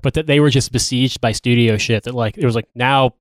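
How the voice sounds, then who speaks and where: A man's voice: mid-range voice, quick pace, no room sound, studio quality. A man co-hosting a podcast in casual film-review chat. He is blunt and swears freely. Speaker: podcast co-host.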